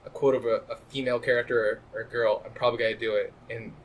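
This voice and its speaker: A man's voice: mid-range voice, flat delivery, fast. A man co-hosting a podcast, chatting casually and rambling with frequent restarts. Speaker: podcast co-host. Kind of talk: casual chat.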